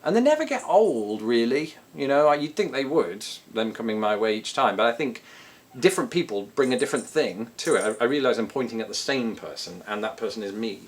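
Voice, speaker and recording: British vlogger, jokey and self-mocking, pitch bouncing up and down a lot. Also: male voice, expressive, brisk. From Britain. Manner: joking, self-deprecating asides. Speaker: vlogger answering viewer questions. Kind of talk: casual chat to camera.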